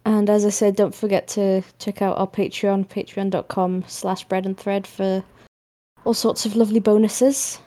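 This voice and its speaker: Mellow-voiced Northern English woman. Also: medium pitch, flat delivery, normal speed. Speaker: podcast co-host. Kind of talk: casual chat.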